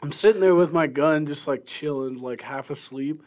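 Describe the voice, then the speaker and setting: Young male co-host, profane storyteller, slightly high voice. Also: normal speed, darkish tone. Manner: profane, laughing, acts out voices in his stories. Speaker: podcast co-host. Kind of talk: casual chat, storytelling.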